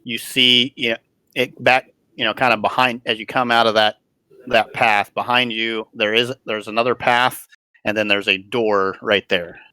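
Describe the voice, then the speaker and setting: A man running a tabletop game as dungeon master, describing scenes in a halting way with many restarts. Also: mid-range voice, steady tone, sharp tone, dry recording.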